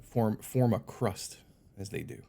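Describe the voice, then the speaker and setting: Streaming a game live, a man with a lowish, vocal-fried voice talks at a measured pace and chats casually with his viewers. He gets animated and exasperated, with frequent outbursts and swearing.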